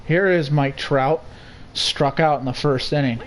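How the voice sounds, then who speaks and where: A young man calling a baseball game play by play, steady and unhurried, with casual asides. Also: fairly high pitch. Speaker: play-by-play commentator. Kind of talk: simulated baseball commentary.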